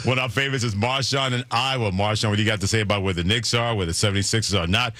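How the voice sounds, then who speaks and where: A man's voice: lowish voice, steady tone, very fast, bright, forceful tone, no echo. A man hosting a call-in sports radio show, jovial, laughing as he introduces callers. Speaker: radio host.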